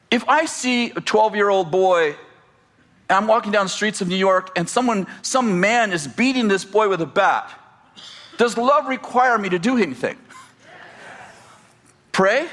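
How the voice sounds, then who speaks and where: A man preaching a sermon, animated and joking as he tells stories to his congregation. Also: sits high, unhurried, long pauses. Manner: animated, storytelling with humor and asides. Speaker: pastor.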